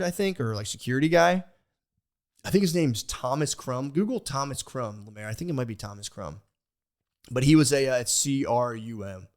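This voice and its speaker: A young man on a podcast, rambling in casual chat, animated, swearing freely and restarting his sentences. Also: mid-range voice. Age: young adult. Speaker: podcast host.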